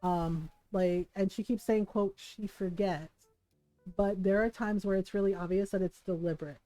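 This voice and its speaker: A woman streamer chatting casually, telling a family story in an animated way and giggling often. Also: mid-range voice, normal speed, no echo, faint music behind, low-quality recording. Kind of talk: casual chat while gaming.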